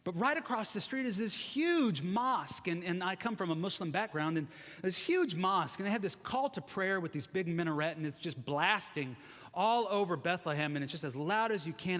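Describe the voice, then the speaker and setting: A man's voice: sits high, a bit bright. A man in his forties giving a chatty, self-deprecating sermon, joking with the congregation in a large church sanctuary. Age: 40s. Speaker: guest preacher. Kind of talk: conversational sermon. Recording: long reverb of a church hall.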